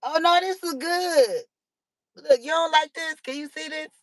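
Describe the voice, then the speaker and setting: A woman's voice: high-pitched, normal speed, no room sound, rough recording. A woman, hosting a casual livestream chat from home, laughing heartily and teasing playfully. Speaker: channel host.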